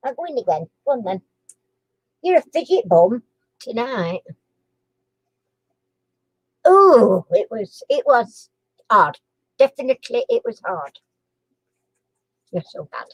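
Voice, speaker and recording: A woman's voice: a little high, big pitch swings, slow, long pauses, breathy edge, dry recording, muffled recording. A chatty woman, hosting a casual live chat and quiz stream, giggling and cooing to her dog between guesses.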